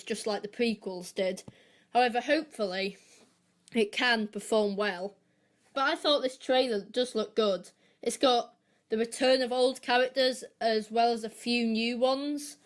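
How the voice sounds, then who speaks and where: A woman co-hosting a film podcast, reading her prepared reviews and recommendations in a steady, measured way. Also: a little high. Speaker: podcast co-host.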